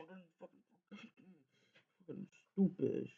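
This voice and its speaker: A young man streaming a game, swearing constantly and breaking into sudden loud outbursts. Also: mid-range voice, very animated, measured pace, gravelly, long pauses, breathy edge. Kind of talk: casual game stream commentary. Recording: tinny phone-like sound.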